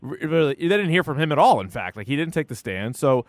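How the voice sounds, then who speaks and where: A man's voice: on the high side, very animated, fast talker, no echo. Chatty man on a podcast, dry sound. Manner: chatty, peppered with "like", acts out quotes. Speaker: podcast co-host. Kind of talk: casual chat about a true-crime series.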